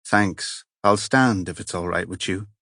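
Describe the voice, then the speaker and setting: A man's voice: low-pitched, a little slow, bright, forceful tone, no room sound, clean studio sound, exaggerated voice. A man voicing a cautious male police inspector who speaks in brief, careful sentences. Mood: guarded. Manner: cautious and clipped. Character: guarded, tense male police chief inspector.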